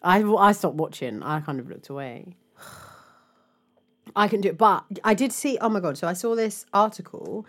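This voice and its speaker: A young woman co-hosting a podcast, chatting expressively and swinging from loud exclamations to low mutters. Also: expressive, normal speed. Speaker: podcast co-host. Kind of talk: casual chat.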